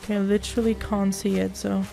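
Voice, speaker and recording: Fast-talking and creaky, this gaming channel host uses a mid-range voice in a level tone as she casually comments on her own gameplay. She talks to herself, jumps at things and swears.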